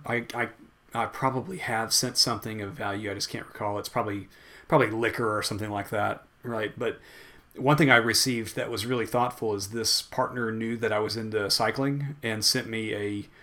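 A man's voice: mid-range voice, fairly bright tone. A man co-hosting a podcast in an easygoing way, thinking aloud as he shares stories. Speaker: podcast co-host. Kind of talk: casual podcast chat.

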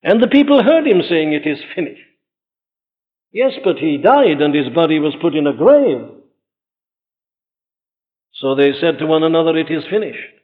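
A man preaching with emphasis, with a fairly high voice for a man. He keeps posing rhetorical questions and answering them. The sound is dull and lo-fi, with a long reverb trailing behind each phrase. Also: lively intonation, moderate pace, pauses often. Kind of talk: sermon.

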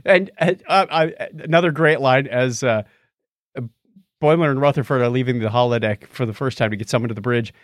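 A man's voice: medium pitch, a little fast, no echo, studio quality. A man co-hosting a casual podcast, animatedly recapping an episode and acting out quoted lines with frequent laughter. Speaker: podcast host.

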